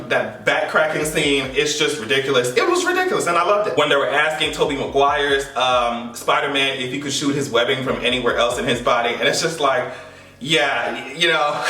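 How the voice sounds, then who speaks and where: Guy doing a movie recap, bright voice kinda high, cussing and cracking up, sounds a bit off the mic in an echoey room. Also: recorded from a distance. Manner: animated, profane and playful, laughing often. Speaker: movie reaction vlogger.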